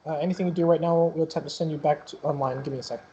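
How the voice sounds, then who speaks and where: A woman's voice: low voice, steady tone, racing, dark tone, lo-fi sound, a little hiss or hum. A woman running a tabletop game as game master, casual and teasing.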